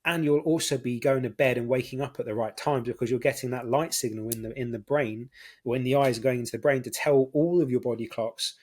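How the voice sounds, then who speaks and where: Male guest; earnest explainer who slows down for emphasis. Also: mid-range voice, a little mellow, husky. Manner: earnest explainer, slows to stress key words. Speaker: guest health consultant. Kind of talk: casual interview chat.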